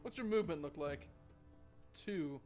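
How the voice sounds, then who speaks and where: A man's voice: fairly high pitch, expressive, moderate pace, a little mellow, faint music behind. A man streaming a live board game playthrough, chatty and joking while thinking aloud about his moves.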